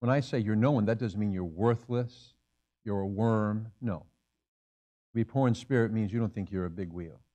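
A man's voice: lowish voice, normal speed, dark tone. Emphatic older male preacher. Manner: emphatic, repeats phrases for effect. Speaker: pastor. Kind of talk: sermon. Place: church sanctuary.

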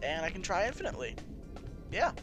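A man's voice: high-pitched, huge pitch swings, fast talker, music in the background. A man giving casual, rambling, self-deprecating commentary while playing a video game. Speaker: let's play host.

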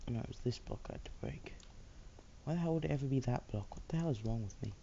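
A man's voice: mid-range voice, lively intonation, fast, creaky, highs cut off, background noise. A man hosting a let's play, chatting casually and muttering to himself while he builds. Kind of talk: casual gameplay commentary.

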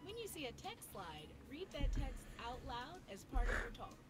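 Brisk game announcer. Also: female voice, sits high, big pitch swings, over loud music. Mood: crisp. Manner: brisk, instructive, explaining rules. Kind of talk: scripted game narration.

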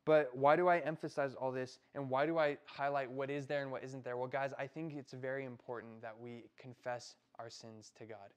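A man's voice: mid-range voice, fairly even intonation, a little fast, few pauses, clean tone, lo-fi sound. A young American man preaching a casual sermon to middle schoolers, talking in a loose, conversational way and often tagging "right?" onto his points. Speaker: youth pastor.

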